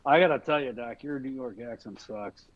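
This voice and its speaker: A man's voice: mid-range voice, muffled recording, slight background noise. A man in a casual podcast chat, teasing the others with dry remarks.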